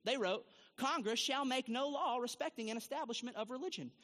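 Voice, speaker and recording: A man preaching a sermon to his congregation, animated and emphatic, rising to loud peaks and asking the crowd questions. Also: extremely high pitch, fairly quick, big-room sound. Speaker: pastor.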